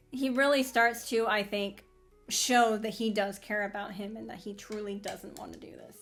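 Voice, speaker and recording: A woman hosting a casual anime fan commentary, rambling in an animated way with frequent laughs and restarts. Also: mid-range voice.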